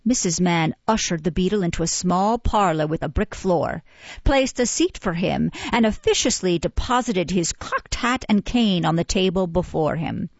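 A woman narrating a classic novel in a measured, dryly ironic storytelling manner. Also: fairly low pitch, lively intonation, no room sound, dull audio. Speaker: audiobook narrator. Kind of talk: classic novel read aloud.

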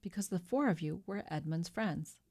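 A measured priest who talks with cool formality, as a woman reader puts him on. He stays unhurried and steady in a lowish voice. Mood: calm. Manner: calm, formal. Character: calm, measured male priest.

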